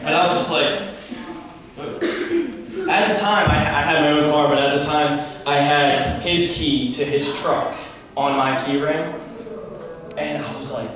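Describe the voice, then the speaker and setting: A young man casually telling a rambling story to a youth group, acting out the dialogue. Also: fairly high pitch. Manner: animated, rambling, acts out dialogue. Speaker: youth speaker. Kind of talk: casual storytelling talk to teens. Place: large room, speaking to a youth group. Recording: very echoey room, heard from far off.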